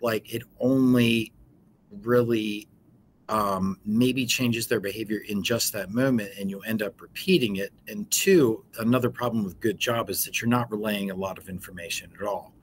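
Educator, male: lower-pitched man, casual explanatory teaching manner, lots of ums, faint room noise behind. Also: moderate pace, hardly any pauses. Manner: relaxed, explanatory, frequent ums. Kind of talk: informal teaching talk.

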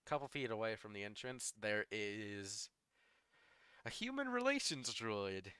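A man's voice: on the low side, big pitch swings, a little slow, pushed and bright, clear, resonant tone, no room sound. A young man narrating a tabletop game as game master, rambling with lots of fillers.

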